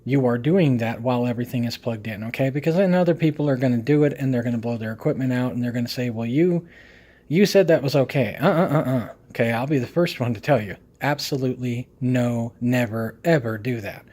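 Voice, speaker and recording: A man's voice: medium pitch, fast talker, few pauses, darkish tone. A man giving a casual video review, talking emphatically in a lecturing way and checking in with "okay?" again and again. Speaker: product reviewer.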